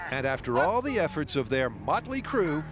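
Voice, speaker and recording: A man's voice: on the high side, sing-song, normal speed, very noisy. A man giving playful, scripted documentary narration. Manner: punchy, playful. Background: music.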